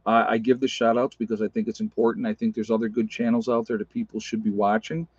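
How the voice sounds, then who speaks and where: A man's voice: on the low side, level tone, quick pace, a little mellow, breathy edge, no room sound. A man hosting a livestream, rambling casually and answering viewer comments as he goes. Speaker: livestream host. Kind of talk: casual livestream talk with chat. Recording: dull lo-fi stream audio.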